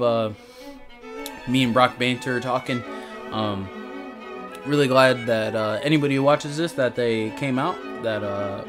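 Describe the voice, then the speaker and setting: A young man hosting a podcast, closing the show with loose, rambling thanks and casual swearing. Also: medium pitch. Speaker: podcast host. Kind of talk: casual chat, show sign-off.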